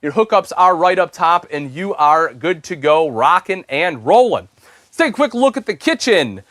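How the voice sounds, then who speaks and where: A man's voice: on the high side, very animated, normal speed, fairly bright tone, no echo. A young man presenting an RV on a live show tour, giving an upbeat, salesy walkthrough inside the vehicle and calling viewers folks.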